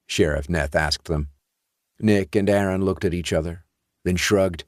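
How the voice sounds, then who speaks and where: A man reading a horror story aloud in a measured storytelling delivery. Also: deep voice, no room sound, studio quality. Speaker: audiobook narrator. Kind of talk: scripted narration.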